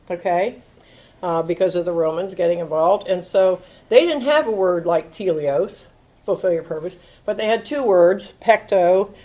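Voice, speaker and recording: An AA speaker, a woman in her sixties, tells recovery stories with lively acted-out quotes and frequent laughter. She speaks on the low side, and the audio is poor.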